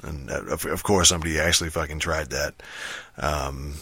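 A man's voice: very deep voice, fairly even intonation, moderate pace, pushed and bright, breathy edge, no room sound. A man giving a casual, profane, rambling rant about a video game, full of fillers and laughs and with some sarcasm. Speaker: gamer giving a game review.

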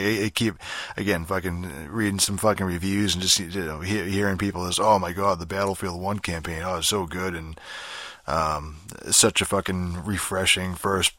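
A man's voice: sits low, bright, forceful tone, no room sound. A young man ranting casually about games, profane and rambling, full of fillers and restarts. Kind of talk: casual rant monologue.

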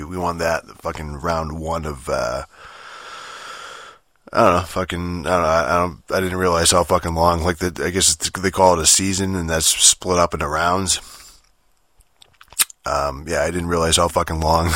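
A man's voice: sits low, steady tone, normal speed, fairly bright tone, no echo, clean studio sound. A young man rambling through a casual, profane gaming rant, full of fillers and restarts. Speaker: gamer vlogger.

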